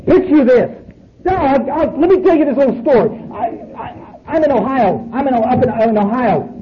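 A man with a very high, expressive voice speaks bluntly and profanely to a roomful of people at a recovery meeting, at a moderate pace. The recording is muffled with faint noise.

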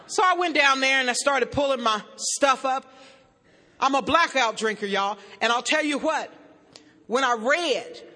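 At a recovery meeting, a high-pitched woman delivers a funny testimony to the audience, animated and joking, breaking into bursts of shouting. The sound echoes around a hall.

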